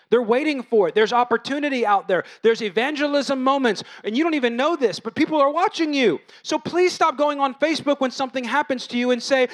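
Casting: high-pitched male pastor in his thirties, conversational sermon, animated storytelling. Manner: conversational, animated, acts out quoted voices.

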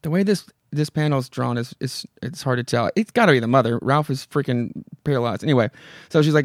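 A man's voice: mid-range voice, a little fast, dry recording, clean studio sound. Casual man retelling a horror comic. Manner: casual, loose, many fillers. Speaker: podcast host.

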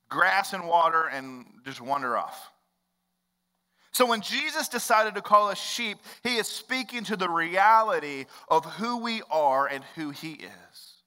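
Preaching conversationally, a young adult male pastor shifts from loud outbursts to hushed, low phrases. The audio is poor and echoes like a large hall.

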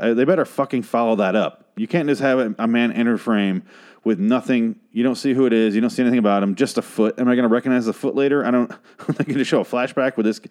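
A man's voice: medium pitch, a little mellow. A man losing his voice, rambling through a casual, profane and sarcastic recap of a TV episode as a podcast host.

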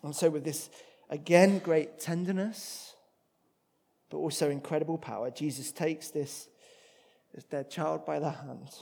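A man preaching a sermon, expressive, moving between loud emphatic passages and hushed ones. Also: a little high, unhurried, creaky.

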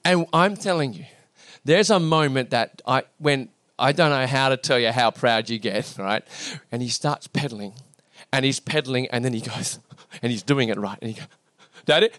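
A man, telling a story to an audience in an animated way, acting out the voices of others. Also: medium pitch, moderate pace, dry recording, clean studio sound. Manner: animated, acts out dialogue, lots of fillers and restarts. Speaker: speaker addressing an audience. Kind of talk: storytelling talk to a live audience.

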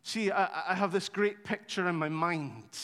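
A man preaching a sermon, telling stories in an animated, conversational way with touches of humour. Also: high-pitched, measured pace. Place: church hall. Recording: long hall reverb.

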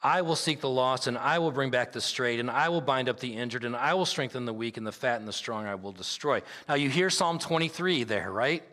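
Man, pastor, preaching a sermon, emphatic, repeats key phrases, bright ringing tone, long hall reverb. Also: medium pitch, a little fast, hardly any pauses. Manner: reads scripture aloud at length.

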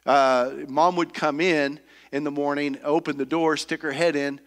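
A middle-aged man preaching a sermon as pastor, earnest and halting, often repeating words as he searches for the next phrase. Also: fairly high pitch, fairly even intonation. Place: church sanctuary. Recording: long reverb of a church hall.

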